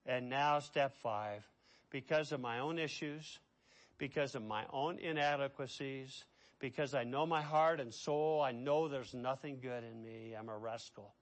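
A middle-aged man preaching a sermon as pastor. He swings between hushed, quiet passages and loud, impassioned ones. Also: mid-range voice, a little slow.

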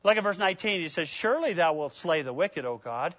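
A man preaching a sermon, swinging between loud emphatic peaks and hushed prayerful asides, reading scripture slowly and deliberately. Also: on the high side, expressive, no echo, dull audio. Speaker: pastor.

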